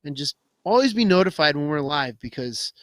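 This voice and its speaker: A man's voice: fairly high pitch, very animated, brisk, a bit bright, no echo. A man co-hosting a hockey fan podcast, casually plugging the show and asking listeners to follow. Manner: promotional, upbeat plugs. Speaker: podcast co-host.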